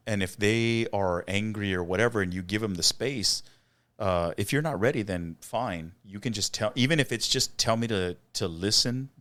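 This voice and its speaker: A man with a fairly low voice talks through his parenting approach on a podcast. He sounds thoughtful and measured, often pausing on ums as he gathers his words. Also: fairly bright tone. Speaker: podcast co-host, doctor. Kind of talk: casual chat.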